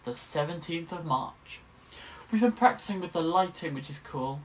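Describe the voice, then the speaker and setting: A man's voice: on the high side, expressive, normal speed. A young man, chatting casually to camera from his bedroom in a rambling, self-deprecating way. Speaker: vlogger.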